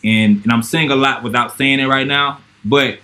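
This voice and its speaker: Casting: thoughtful male host, mid-pitched, halting with restarts. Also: fairly even intonation, bright, forceful tone, rough recording. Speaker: podcast host. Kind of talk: casual chat.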